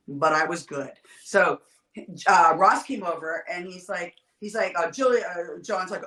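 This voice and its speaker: A woman tells stories as a guest on a livestream, with a medium voice and a profane, animated delivery. She swears freely and rattles through one tale after another. Her voice carries a roomy echo. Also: medium pitch. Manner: profane, animated, quick storytelling. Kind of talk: casual storytelling chat. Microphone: livestream video call.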